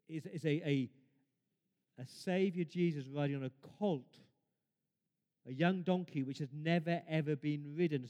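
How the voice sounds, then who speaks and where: A man preaching a sermon in a church, emphatic, rising to loud exclamations and dropping to quiet asides. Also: a little high, lo-fi sound. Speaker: pastor. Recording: long reverb of a church hall.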